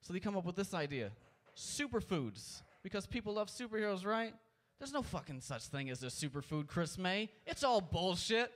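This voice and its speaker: A man doing stand-up at an open mic delivers a profane, exasperated rant into a handheld stage mic. His voice sits high and sounds fairly bright and sing-song, moving at a moderate pace with few pauses.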